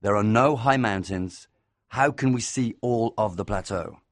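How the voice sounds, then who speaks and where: A man voicing a cautious, serious older male professor who speaks in a measured, urging way. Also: fairly low pitch, no room sound, studio quality, natural voice.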